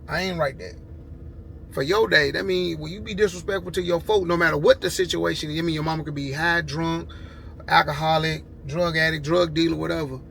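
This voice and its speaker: A man chats loosely for his car vlog, his voice gravelly and a little high. He rambles in a laid-back way and keeps saying "man." The recording is noisy, with dogs barking somewhere in the yard. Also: fairly even intonation, fairly quick, fairly bright tone. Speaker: car vlogger. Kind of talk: casual vlog talk. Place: outdoors at a garage with dogs.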